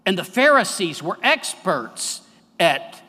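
A middle-aged man preaching a sermon as pastor, emphatic with big swings between soft and loud. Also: high voice, sing-song, slow pace, breathy edge. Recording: long church hall reverb.

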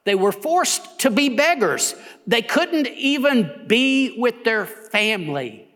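A man preaching as a pastor, building to impassioned near shouts and then dropping low and quiet. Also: big pitch swings, takes it slowly, big-room sound. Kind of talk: sermon.

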